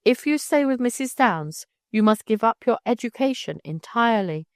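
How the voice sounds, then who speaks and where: A woman reading the part of a kindly older man who gently and earnestly persuades a young girl. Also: a little high, animated, normal speed, dry recording, clean studio sound. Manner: warm, coaxing, persuasive.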